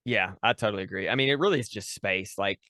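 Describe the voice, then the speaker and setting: A man's voice: on the low side, fast, sharp tone, dry recording, clean studio sound. A man chatting casually as a guest, talking about running his tabletop game podcast, with many fillers and restarts. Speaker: podcast dungeon master, guest. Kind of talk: casual interview chat.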